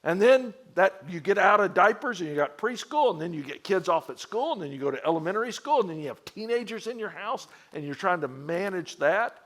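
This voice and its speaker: A middle-aged man gives a sermon to a men's group in a relaxed, conversational way. His voice sits a little high for a man, and he keeps it animated, acting out the people in his stories with big swings in pitch and loudness. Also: brisk, hardly any pauses. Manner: conversational storytelling with acted quotes. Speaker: pastor.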